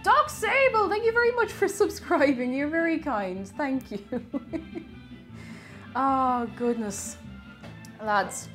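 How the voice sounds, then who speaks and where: Girl streaming, squeaky high voice, all over the place, bit of music under it. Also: slow, pauses often. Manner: excitable, thanks viewers in high bursts. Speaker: livestream host. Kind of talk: casual livestream chat.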